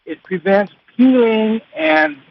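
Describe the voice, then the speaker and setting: A man calling in to a radio show, speaking in a halting, hesitant way with many fillers. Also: very high-pitched, animated, vocal fry, highs cut off. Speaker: caller. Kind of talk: phone-in conversation.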